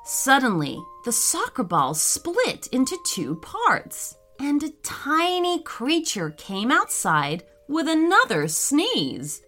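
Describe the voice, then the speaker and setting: A woman narrating a children's story in a slow, expressive read-aloud manner. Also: sits high, faint music behind.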